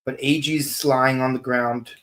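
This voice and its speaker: A man's voice: medium pitch, fairly even intonation, measured pace, a bit bright. A man co-hosting a casual podcast chat, chiming in eagerly with short remarks. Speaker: podcast co-host.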